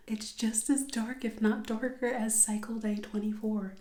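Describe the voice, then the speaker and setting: A young woman talking casually to her viewers, emotional and often slipping into a hushed whisper. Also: on the high side, little pitch movement, unhurried, few pauses. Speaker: vlogger. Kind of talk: casual vlog chat. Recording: echoey room.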